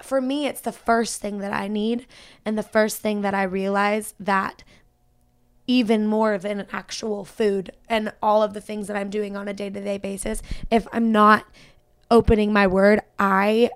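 A woman's voice: medium pitch, little pitch movement, unhurried, clean tone, dry recording, clean studio sound. A young woman, a podcast guest and country singer, talking earnestly about her faith and saying "like" a lot. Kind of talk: casual faith conversation.

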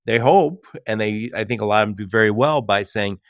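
A male podcast host with a lowish voice talks in a chatty, storytelling way. He acts out quoted back-and-forths and laughs often, recorded dry and close. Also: fairly quick, hardly any pauses, no room sound. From Michigan. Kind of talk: casual podcast conversation.

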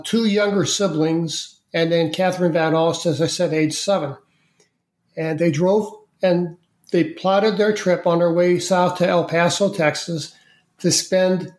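A man's voice: sits high, darkish tone. Man telling a story in an echoey room. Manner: unhurried, vivid retelling with frequent restarts. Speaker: podcast guest. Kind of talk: conversational storytelling. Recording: roomy, echoey sound.

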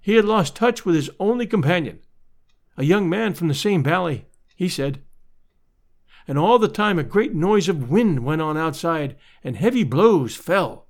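Male narrator, fairly high voice, lively rise and fall, measured literary storytelling.

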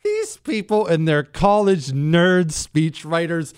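A man's voice: on the high side, moderate pace, dry recording, clean studio sound. A man hosting a talk radio show, mocking and opinionated, reading ads and reacting to clips. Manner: sarcastic, mocking, animated.

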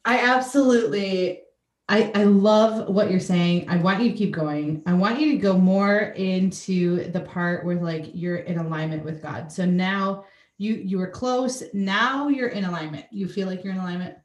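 A woman's voice: mid-range voice, moderate pace. A woman hosting a podcast, chatting casually and enthusiastically with a guest and laughing often. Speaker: podcast host. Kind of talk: casual interview chat. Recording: roomy echo, distant mic.

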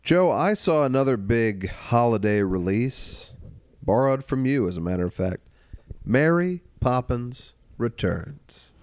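A man in easy, jokey podcast chatter who keeps laughing and slipping into silly mock singing. His voice is smooth and clean. The sound is dry and close, with no room around it. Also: mid-range voice, sing-song, a little slow, darkish tone, no room sound. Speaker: podcast co-host. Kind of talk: casual comedic movie chat.

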